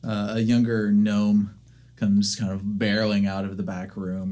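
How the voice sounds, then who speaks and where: A man working as game master, narrating a tabletop game in a halting way with many fillers and restarts. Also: on the low side, flat delivery, dark tone.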